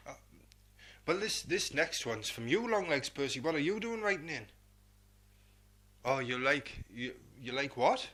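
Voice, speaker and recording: A man's voice: fairly high pitch, bright, forceful tone. A man hosting comedic local radio, rambling and self-mocking as he chats to an imagined animal. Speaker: radio host.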